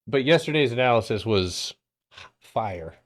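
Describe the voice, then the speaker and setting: A man's voice: medium pitch, lively intonation, unhurried. A man hosting a stock trading livestream, giving loose, joking market analysis and swearing now and then. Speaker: stock trading stream host.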